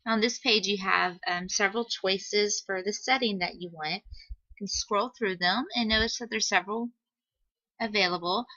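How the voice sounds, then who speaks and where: A woman teacher giving a patient, step-by-step screen-recorded software tutorial on a computer microphone, with "um" fillers. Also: mid-range voice, normal speed, no room sound, highs cut off.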